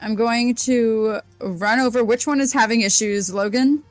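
A woman's voice: fairly high pitch, unhurried, faint music behind. Laughing woman swearing at the game table. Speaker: player. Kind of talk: tabletop role-play banter.

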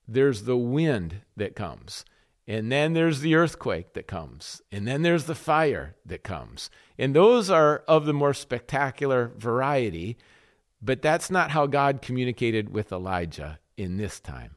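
A man's voice: mid-range voice, very animated, measured pace. A man hosting a faith podcast, preaching in an earnest sermon style with repeated rhetorical questions.

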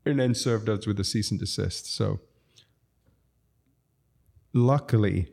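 Restaurateur guest, male, low and mellow, loose storyteller who laughs easily. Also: measured pace, gravelly, slightly rough. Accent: non-American English. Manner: laughing, rambling anecdotes. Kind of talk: casual storytelling chat.

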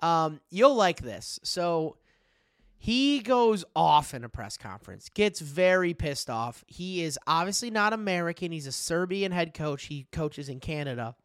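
A man's voice: fairly high pitch, animated, a little slow, smooth, dry recording, clean studio sound. Laid-back man riffing on sports. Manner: loose, laughing, swears freely. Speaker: podcast co-host. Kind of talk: casual sports chat.

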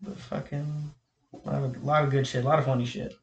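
A man's voice: mid-range voice, little pitch movement, fairly quick, creaky, dull audio. A young man hosting a casual podcast, telling a rambling story with lots of fillers and laughs. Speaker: podcast host. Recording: echoey room with faint noise.

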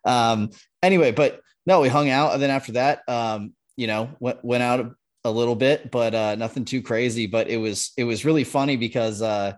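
A man's voice: mid-range voice, moderate pace. Laid-back man telling a story. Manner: laid-back, loose with fillers like "um" and "like". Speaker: podcast regular. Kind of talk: casual storytelling on a podcast.

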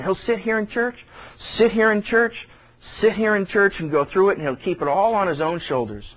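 A pastor preaching a sermon, animated, repeating phrases for emphasis and acting out the people he quotes. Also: sits high, moderate pace, poor audio.

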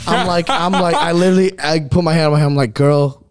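A young man hosting a casual chat, telling a rowdy night-out story in an animated, profane way and laughing along as he goes. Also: fairly high pitch, fast talker, clear, resonant tone. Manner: animated, profane, laughs through his stories.

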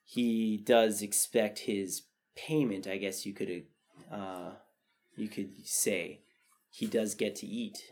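A man's voice: fairly low pitch, a little mellow. A man co-hosting a podcast, explaining his views at length in casual chat, thoughtful with frequent restarts. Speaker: podcast co-host.

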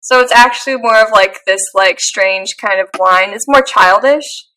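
Bright-voiced woman in casual chat. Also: mid-range voice, moderate pace, low-quality recording. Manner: expressive, laughs often. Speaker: podcast co-host.

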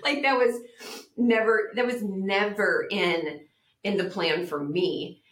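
A woman's voice: mid-range voice, slow. A woman podcast guest telling her personal testimony in an earnest, reflective way, acting out the voices she quotes. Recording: roomy echo.

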